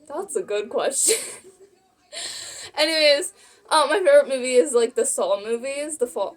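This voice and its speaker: A young woman chats through a casual Q&A vlog with a slightly high voice. She sounds bubbly and rambling and giggles easily at her own jokes. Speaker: vlogger. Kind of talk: casual Q&A chat.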